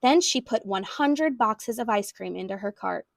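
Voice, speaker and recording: A woman reading a children's storybook aloud in an expressive way. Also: medium pitch, moderate pace, gravelly, dry recording, clean studio sound. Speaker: storybook reader.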